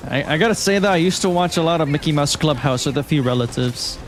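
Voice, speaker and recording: A man's voice: a little high, fast. A man from Malaysia streaming a video game and chatting casually with his viewers. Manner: relaxed, chatty, reads and answers chat. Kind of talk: casual live-stream chat. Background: faint game music.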